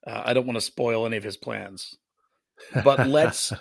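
Laid-back gravelly male guest. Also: mid-range voice, moderate pace. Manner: laid-back, hesitant, many fillers, dry humor. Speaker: guest musician. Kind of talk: casual interview chat.

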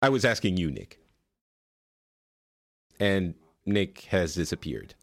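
A man's voice: low voice, lively intonation, a little slow, pauses often, no echo. A man hosting a casual gaming podcast from a friend's office, chatty and laughing often, with plenty of fillers. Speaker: podcast host.

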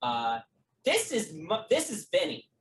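Slow, halting tabletop game master. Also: mid-range voice, wildly swooping pitch, slight background noise. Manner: halting, many fillers and restarts. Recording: roomy, from a distant mic.

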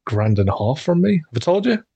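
A man's voice: on the high side, very animated, fairly quick, warm tone, slightly rough, no echo, highs cut off. A young man, hosting a podcast and telling a rambling, sweary story with laughs. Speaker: podcast host. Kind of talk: casual storytelling chat.

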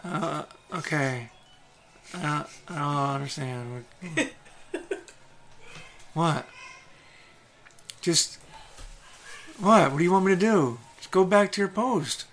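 A man voicing a slow, gruff male bugbear guard who grumbles in a lowered voice. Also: fairly bright tone, a little hiss or hum. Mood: irritated, puzzled.

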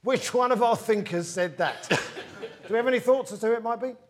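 A man's voice: very high voice, fairly quick. A man hosting a comedy football quiz, joking with the panel and addressing the audience. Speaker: host and quizmaster. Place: stage before a live audience. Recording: live audience laughter behind.

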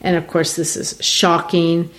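A woman with a slightly low voice walks through a stage play in a lesson. She explains at an easy conversational pace, pausing on fillers as she thinks. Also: monotone. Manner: thoughtful, explaining with many fillers. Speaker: literature teacher. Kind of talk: discussing and reading a play aloud.

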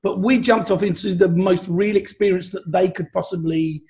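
A man on a panel telling rambling, animated stories, restarting words and swearing freely. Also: high voice, moderate pace. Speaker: actor on a panel. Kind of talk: rambling anecdotal storytelling.

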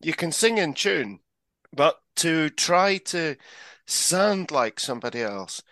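Bright-voiced jokey male co-host. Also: a little high, very animated, slow, dry recording. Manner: jokey, laughs often, does puppet voices. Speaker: podcast co-host. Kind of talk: casual comedic chat.

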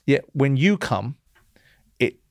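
Gravelly blunt male host. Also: medium pitch, lively intonation, slow pace, darkish tone, dry recording, clean studio sound. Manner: blunt, challenging, swears. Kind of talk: interview and debate.

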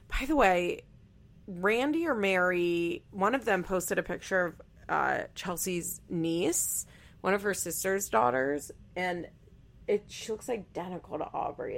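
A woman's voice: lowish voice, creaky, a bit bright. A woman host giving casual, blunt commentary on a reality show, chatty and swearing freely.

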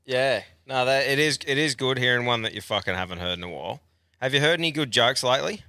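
A man's voice: mid-range voice, animated, fast talker, bright, forceful tone, no echo, clean studio sound. A man with an Australian accent hosting a podcast in casual, sweary chat and laughing often. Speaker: podcast host.

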